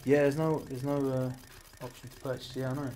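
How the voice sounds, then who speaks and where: A man with a British accent giving casual commentary while he plays a video game. He is chatty, then drops into quiet muttering while he concentrates. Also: mid-range voice, little pitch movement, fairly quick, slight background noise. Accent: British English. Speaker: gaming streamer.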